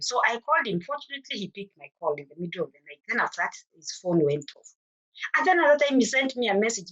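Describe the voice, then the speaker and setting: A woman's voice: a little high, lively intonation, fast talker, fairly bright tone, dull audio. A middle-aged woman with a Kenyan accent, earnestly telling her own story as a mother at a forum and acting out the exchanges she recalls. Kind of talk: personal testimony at a forum.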